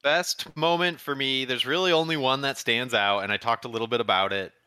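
A man's voice: mid-range voice, a little fast, bright, forceful tone, smooth, no room sound. A man co-hosting a casual podcast chat, telling a story with rambling restarts and frequent laughs. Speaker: podcast co-host.

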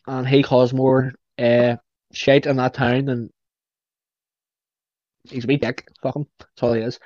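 A man's voice: mid-range voice, a little slow, dry recording, lo-fi sound. A young man, chatting casually as a podcast co-host, joking and swearing freely. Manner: sweary, joking, animated storytelling. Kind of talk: casual chat.

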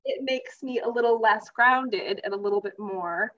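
A woman hosting a casual podcast chat, animated and self-deprecating, laughing often. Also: a little high, moderate pace, muffled recording, a little hiss or hum.

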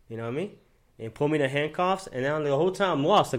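A man's voice: fairly high pitch, expressive, racing. A young man from Miami hosting a casual podcast, telling profane street stories and acting out the lines of people in them. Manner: profane street storytelling, acts out quotes. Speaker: podcast host.

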